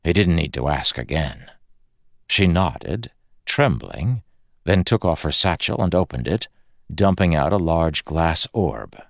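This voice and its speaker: A man reading a fantasy audiobook aloud in a measured, dramatic storytelling manner. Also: low voice, lively intonation, gravelly, no echo, clean studio sound. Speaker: audiobook narrator. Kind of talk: scripted fantasy narration.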